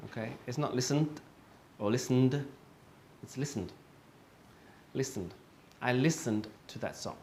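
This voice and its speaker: A man's voice: medium pitch, animated, normal speed, darkish tone, a little hiss or hum. A man teaching English pronunciation, patiently repeating each word for learners, with frequent fillers and self-corrections. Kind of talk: online pronunciation lesson.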